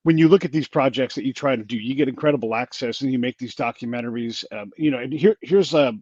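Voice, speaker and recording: A man's voice: mid-range voice, quick pace, a little mellow, dry recording. A male host asks questions in a loose, easygoing way, trailing into fillers. His voice comes over a dry, slightly dull line. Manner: loose, hesitant, with fillers and restarts. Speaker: podcast host. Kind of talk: casual interview chat.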